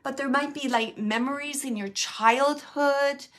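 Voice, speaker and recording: A woman hosting a show gives live mediumship readings in a high, fairly bright voice at a measured pace. Earnest and direct with the sitter, she tends to repeat what she says.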